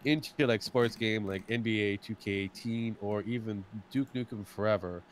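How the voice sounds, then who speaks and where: A man's voice: fairly low pitch, moderate pace, a little hiss or hum. A man co-hosting a casual gaming podcast, talking loosely and repeating words as he thinks. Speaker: podcast co-host.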